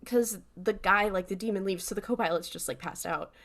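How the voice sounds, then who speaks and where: A woman's voice: medium pitch, fairly quick. A young adult woman co-hosting a podcast, casually recapping a TV episode and quoting the characters with laughs. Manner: lively, quotes characters with laughter. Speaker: podcast co-host.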